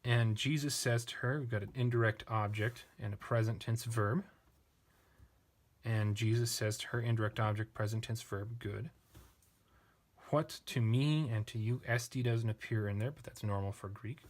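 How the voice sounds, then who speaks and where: Male lesson host, slightly low voice; patient, methodical, pauses to think mid-sentence. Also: fairly even intonation. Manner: patient, methodical, thinking aloud with ums and restarts. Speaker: language teacher; channel host. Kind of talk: screen-share lesson comparing texts.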